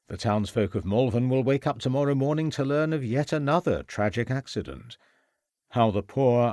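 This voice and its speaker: Male reader doing the audiobook villain: deep, sneering, menacing gentleman, dry studio sound. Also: no echo. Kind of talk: audiobook character voice.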